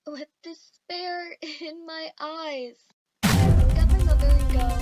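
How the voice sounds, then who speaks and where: A woman's voice: high voice, no echo, low-quality recording. A woman casually telling a story time. She rambles and mocks herself, with fillers and swearing.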